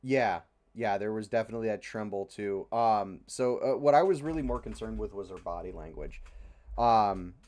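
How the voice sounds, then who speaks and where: A man's voice: fairly low pitch, lively intonation, normal speed, a little mellow. A young man hosting a casual podcast, rambling and frustrated, with many fillers and free swearing. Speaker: podcast host. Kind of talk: casual opinionated chat.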